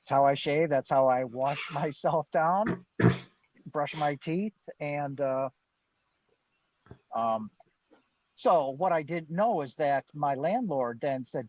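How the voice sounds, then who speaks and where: A man's voice: a little high, takes it slowly, pauses often, a little mellow, dry recording. A man, a guest on a live Q&A, telling his own story with animation, acting out what he and others said and laughing now and then. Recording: dull, dry lo-fi stream audio.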